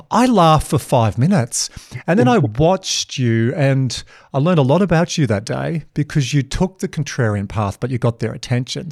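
A man hosting a podcast, telling stories with animated energy and acting out the voices of the people he quotes. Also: mid-range voice, dry recording. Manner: animated storyteller, mimics voices when retelling. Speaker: podcast host. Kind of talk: casual podcast conversation. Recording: dry close mic, faint guitar music.

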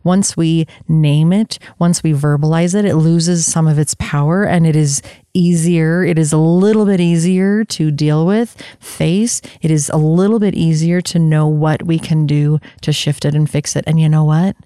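A woman giving a reflective motivational talk, gentle and unhurried, with soft laughs between thoughts. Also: low-pitched, fairly even intonation, clean tone, no echo, studio quality. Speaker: spiritual inspiration speaker.

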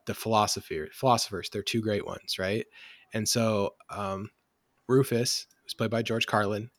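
A man hosting a casual podcast chat who talks in an animated way, laughing often and using many fillers. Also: fairly low pitch, dry recording, clean studio sound. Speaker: podcast host.

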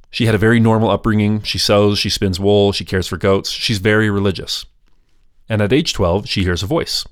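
A podcast host telling a history story in a casual, chatty way, with wry grumbling asides. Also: male voice, sits low, no echo, clean studio sound.

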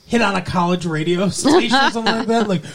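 A man's voice: high-pitched, expressive, fast, gravelly, a bit bright. A man co-hosting a podcast, talking in a casual recap chat with profane, sarcastic and exaggerated remarks. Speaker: podcast co-host.

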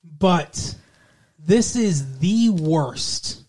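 A man's voice: fairly high pitch, lively intonation, very slow, darkish tone. Sarcastic, swearing man podcast co-host. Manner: sarcastic, profane, jokey. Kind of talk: casual chat recapping a TV episode.

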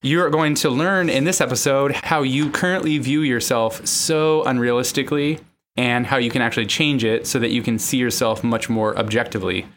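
A man's voice: mid-range voice, normal speed, fairly bright tone, a little hiss or hum. Joking American podcast host, man. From United States. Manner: joking, self-mocking, laughs often. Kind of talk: casual podcast chat.

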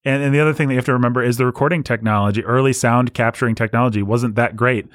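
A man's voice: mid-range voice, fairly even intonation, racing, fairly bright tone, no echo, studio quality. A man hosting a casual film discussion, explaining at length with many restarts. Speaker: podcast host.

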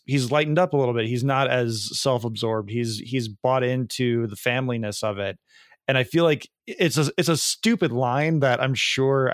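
A man's voice: mid-range voice, no echo. Easygoing man, dry close sound. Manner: easygoing, laughs often, hedging. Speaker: podcast host. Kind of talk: casual chat.

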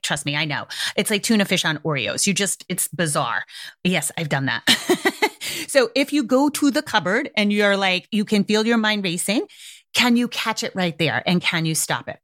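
A woman hosting an advice podcast, speaking at a middling pitch. Her delivery is frank and casual, with frequent swearing. She keeps asking the listener direct questions, sometimes speeding up and sometimes slowing down. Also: fairly bright tone, no room sound, studio quality. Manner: frank and blunt, swears freely, coaching tone; asks many direct questions, speeds up and slows down. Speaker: podcast host giving parenting advice.

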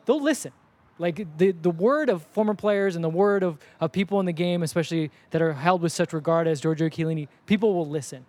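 A man's voice: sits high, fast talker, dry recording. A man co-hosting a casual sports podcast, talking animatedly and acting out what others say. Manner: animated, acts out quoted voices.

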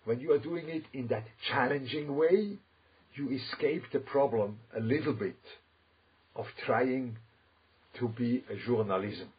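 A man's voice: medium pitch, breathy edge, highs cut off. A man giving an informal religious talk, rambling and emphatic with many asides. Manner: rambling, emphatic, full of asides and quoted voices.

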